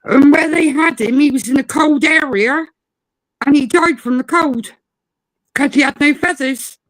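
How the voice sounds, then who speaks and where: A woman in casual chat, telling animated stories about a cheeky parrot and imitating its swearing. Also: sits high, measured pace, no echo, poor audio.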